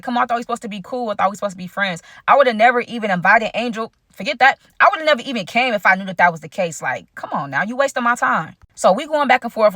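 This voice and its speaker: A woman's voice: medium pitch, sharp tone, no echo, studio quality. A young woman telling a story to her viewers in casual, slangy talk, often calling on them directly. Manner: rapid, slangy, talks straight to viewers as y'all. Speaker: storyteller vlogger.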